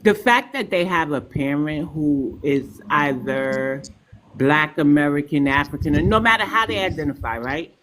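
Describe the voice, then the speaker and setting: A middle-aged woman, a podcast guest who talks emphatically and tells stories with big swings in pitch. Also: animated, normal speed, a bit bright, a little hiss or hum. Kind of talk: podcast discussion.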